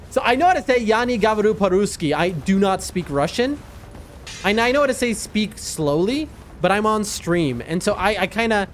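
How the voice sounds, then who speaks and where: A man's voice: high voice, a little hiss or hum. A man chatting casually as a game streamer, telling a rambling story and reacting to his gameplay with frequent laughs and restarts.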